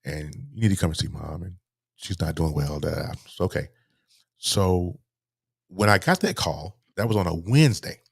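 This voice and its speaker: A man, a guest telling a painful personal story in a halting way, repeating words, his voice sinking low and soft. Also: lively intonation, vocal fry, slightly rough, no echo, studio quality. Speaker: interview guest.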